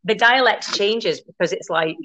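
A woman with a Scottish accent, chatting casually and teaching Gaelic words in a fast, playful way that keeps breaking into laughter. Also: mid-range voice, pushed and bright. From Scotland. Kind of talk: casual podcast chat.

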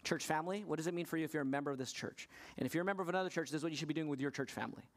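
A male pastor delivering a sermon to his congregation, asking them questions, his voice sinking low and soft and then climbing high and pressing. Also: rapid-fire.

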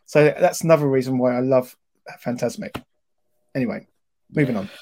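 A man's voice: mid-range voice, moderate pace, crowd noise. A man co-hosting a podcast in casual chat, enthusiastic and apologetic, rambling through anecdotes. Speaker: podcast co-host.

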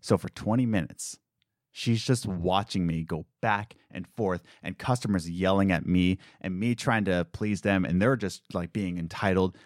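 A young man co-hosting a podcast, telling animated stories in casual chat and acting out the people he quotes. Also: deep voice, normal speed, no room sound, studio quality. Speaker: podcast co-host.

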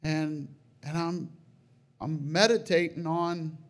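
A man with a fairly high voice recounts a dream in an earnest personal testimony. He halts and restarts often. At emotional moments his voice climbs high and grows loud. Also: fairly even intonation. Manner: earnest, halting storytelling with many restarts. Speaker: Christian sharing a testimony.

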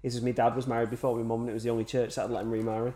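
A man co-hosting a podcast, chatting casually and throwing in quick jokes and questions. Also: medium pitch, little pitch movement, crowd noise. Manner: quick, joking banter. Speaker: podcast co-host. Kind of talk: casual conversation.

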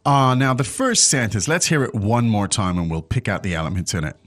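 A man's voice: fairly low pitch, lively intonation, a little fast, a bit bright. A man hosting a language lesson, walking through a dialogue step by step and prompting his co-host to supply the words.

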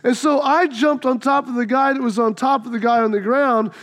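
A man preaching a sermon, telling a story with lively acted-out voices before he turns to his text. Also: very high-pitched, a little fast. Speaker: pastor.

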